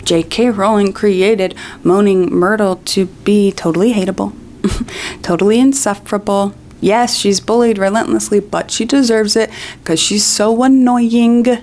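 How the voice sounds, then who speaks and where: A woman's voice: medium pitch, steady tone, a little slow, a little mellow, a little hiss or hum. A young adult woman, a video essayist, giving sarcastic, pointed commentary on a book and reading passages aloud.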